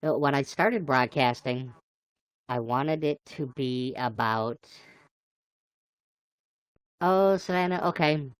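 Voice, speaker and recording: A woman's voice: extremely low pitch, takes it slowly, long pauses, smooth, no echo. A woman livestreamer chatting casually and playfully with her viewers, greeting them by name. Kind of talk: casual live chat with viewers.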